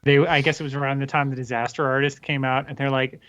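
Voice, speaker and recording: A man's voice: mid-range voice, flat delivery, quick pace, fairly bright tone, no room sound. Chatty man, muffled podcast audio. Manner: chatty, laughs along, adds commentary. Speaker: podcast co-host. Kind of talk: casual comic book discussion.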